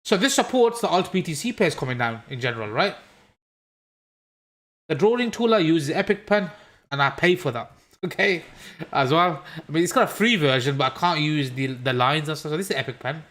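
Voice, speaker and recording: Brummie guy, crypto streamer, casual and sweary, slightly high voice, rambling live chart analysis. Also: lively intonation, a little fast, a bit bright. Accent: Birmingham. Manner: chatty, joking asides, swears at chat. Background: washing machine noise.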